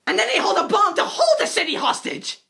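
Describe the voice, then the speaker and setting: A woman rattles off a sarcastic, excited comic recap of a movie. Her voice sits high and jumps around a lot. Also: brisk, gravelly. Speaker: movie reviewer.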